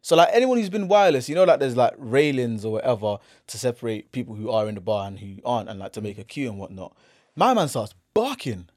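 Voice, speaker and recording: A young man with a London accent telling a story on a casual podcast, acting out what people said with slangy, lively delivery. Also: medium pitch, fast talker, no echo, clean studio sound. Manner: animated, acts out quotes, slangy. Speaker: podcast host.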